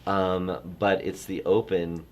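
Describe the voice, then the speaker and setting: A middle-aged man in the travel business chatting casually, telling a rambling story with many restarts and animated bursts. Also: low-pitched, takes it slowly. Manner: rambling, self-interrupting storyteller who gets animated. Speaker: travel industry guest. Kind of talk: casual chat.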